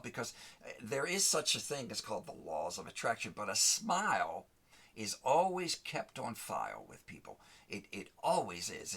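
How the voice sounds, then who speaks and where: A man's voice: fairly low pitch, fairly bright tone, husky. A man hosting a motivational talk, speaking emphatically to the listener, repeating and rhyming his key phrases. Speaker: host of a motivational show.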